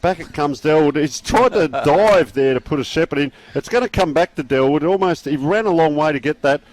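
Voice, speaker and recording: Male Australian sports caller, easygoing chat, slightly raised pitch. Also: a little fast. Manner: chatty, relaxed, folksy asides. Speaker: football commentator. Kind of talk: live sports commentary.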